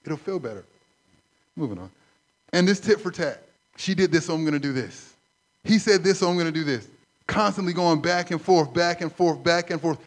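A man preaching a sermon, conversational and animated, acting out stories. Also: fairly high pitch. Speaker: pastor.

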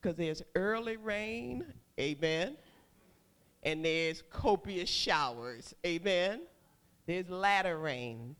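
A middle-aged woman preacher telling a personal story in a sermon, animated, calling out for amens. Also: lowish voice, slow pace, clean tone. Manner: animated storytelling, calls for amen, shouts acted quotes.

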